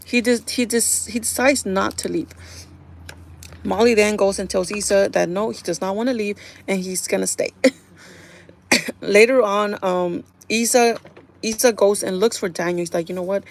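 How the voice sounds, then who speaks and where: A woman's voice: mid-range voice, a little slow, vocal fry. A woman hosting a livestream, chatting casually to her viewers and acting out bits of dialogue as she retells a story. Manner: chatty, addresses viewers as "you guys"; acts out characters' lines in quotes. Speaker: livestream host. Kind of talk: casual chat recapping a TV show.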